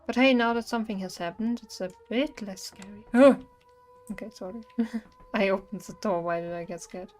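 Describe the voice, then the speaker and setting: A young woman streaming horror games, chatting nervously and singing to herself to stay calm. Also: medium pitch, moderate pace. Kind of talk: live-stream gameplay commentary. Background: faint game music.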